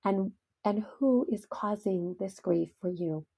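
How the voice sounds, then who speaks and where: Slow, husky-voiced woman hosting devotional talk. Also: medium pitch, warm tone. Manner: earnest, heartfelt storytelling. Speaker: podcast host.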